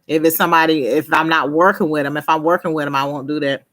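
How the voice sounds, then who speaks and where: A woman with a fairly low voice chats casually on a live stream, laughing often as she talks. She answers viewers' comments by name and tends to trail off and restart her thoughts mid-sentence. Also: fairly even intonation, quick pace, fairly bright tone.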